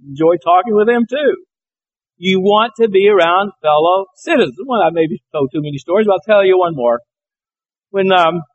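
High-voiced man preaching, folksy stories. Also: lo-fi sound. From Alabama, USA. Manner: folksy, anecdotal storytelling. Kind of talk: sermon.

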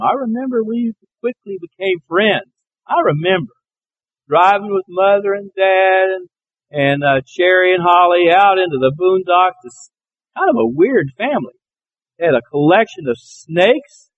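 Male preacher from Alabama, high voice, homespun storytelling sermon. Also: no echo, narrow, tinny audio. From Alabama, USA. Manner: folksy, anecdotal storytelling.

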